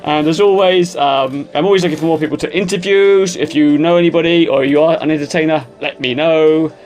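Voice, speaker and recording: A man's voice: fairly high pitch, fairly even intonation, brisk, a little mellow, soft background music. Rambling male podcast host. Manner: rambling, self-deprecating asides. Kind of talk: casual interview chat.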